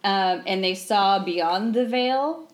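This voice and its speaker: A woman co-hosting a casual movie podcast, giving thoughtful, measured analysis. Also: mid-range voice. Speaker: podcast co-host.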